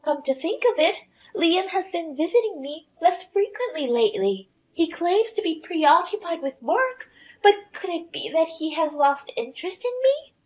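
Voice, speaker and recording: A woman narrator voices a sick young wife who pleads in a high, whining tone with bitterness and spite underneath. Her delivery is very animated and darkish, moving at a moderate pace, and her pitch swoops widely as she complains. It's a storybook drama read aloud in a whiny mood.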